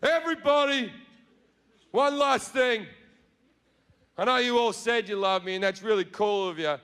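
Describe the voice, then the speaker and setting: A man voicing a petty, hateful, foul-mouthed male God who rants and shouts. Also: sits high, measured pace, clean tone, long reverb tail. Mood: bossy. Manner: ranting, shouting and swearing.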